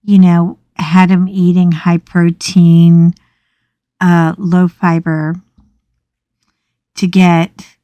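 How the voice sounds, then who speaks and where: A middle-aged American woman telling a story in a chatty, animated way as she talks on her craft channel. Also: on the low side, no room sound, studio quality. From United States. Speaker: craft vlogger. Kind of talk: casual storytelling chat. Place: small home craft room.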